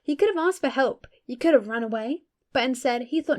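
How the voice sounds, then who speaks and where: A woman's voice: high voice, animated, brisk, darkish tone. A young woman giving casual fan commentary, gushing and emphatic, swearing freely. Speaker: video creator.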